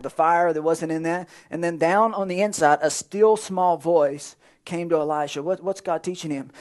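A man preaching a sermon to a church congregation, swinging from loud emphatic lines to hushed asides. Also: high voice. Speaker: pastor.

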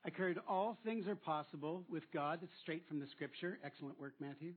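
A man's voice: on the high side, brisk, husky. A man preaching a sermon as pastor, drawing answers from the congregation and repeating them back with encouragement. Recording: tinny phone-like sound.

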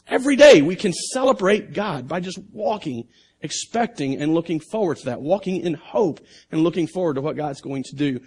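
A man's voice: fairly high pitch, expressive, normal speed, a little mellow, slightly rough. A man preaching a sermon on a church stage. He reads scripture aloud and then explains it in a conversational way, with repeated words and restarts. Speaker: pastor. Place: church stage under bright lights.

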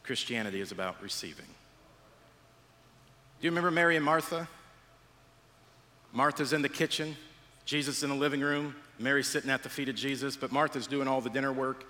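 A man preaching a sermon as pastor, telling stories with acted-out voices and dropping low and quiet for emphasis. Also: moderate pace, pauses often, big-room sound. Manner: animated storytelling, acts out voices, drops low and quiet for emphasis.

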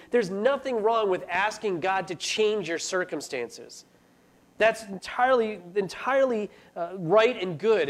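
A man preaching a sermon, earnest and building to urgent pleas. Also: sits high. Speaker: pastor.

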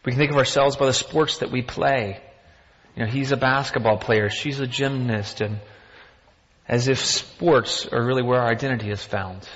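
A man's voice: mid-range voice, moderate pace, fairly bright tone. A man giving a sermon in a conversational manner, piling up rhetorical questions and throwing in self-deprecating asides. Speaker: pastor. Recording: dull sound with long reverb from a hall.

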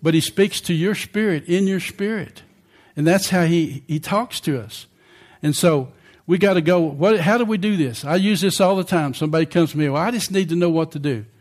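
A man's voice: a little high, brisk, hardly any pauses, darkish tone. An older man preaching a sermon in a conversational way, often asking the congregation questions.

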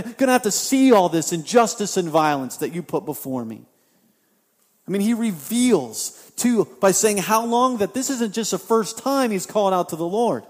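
A man preaching a sermon, swinging from loud, impassioned outbursts to quiet appeals and repeating phrases for emphasis. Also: sits high, lively intonation, moderate pace. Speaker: pastor. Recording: long hall reverb.

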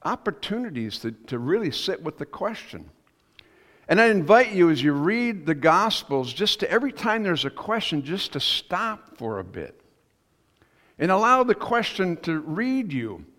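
A man's voice: high-pitched, big pitch swings, measured pace, fairly bright tone. Man preaching with a hall echo. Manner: conversational storytelling, musing asides. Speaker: pastor. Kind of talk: sermon. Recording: long reverb of a church hall.

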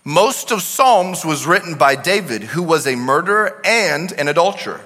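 Pastor guy preaching, high bright voice, swoops all over, big echoey church. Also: normal speed. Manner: animated, swings from shouting to quiet asides. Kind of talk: sermon. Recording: long hall reverb.

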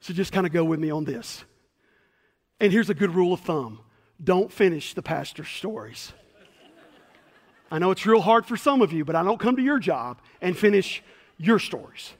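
A man pastor preaching a sermon in a fast, chatty, self-deprecating way with stammered restarts. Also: high-pitched, expressive, in a large hall.

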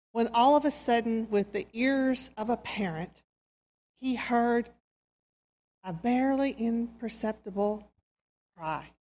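A woman preacher giving a sermon, telling a story in a slow, soft, dramatic way. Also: fairly high pitch. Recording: reverberant hall.

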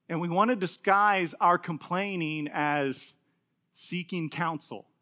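Male pastor, thirties, bright and high-pitched, animated preaching that acts out quotes. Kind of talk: sermon.

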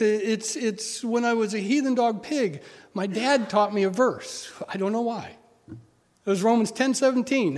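A man preaching a sermon, telling stories and swinging from loud urging to quiet, intimate asides. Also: sits high. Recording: long hall reverb.

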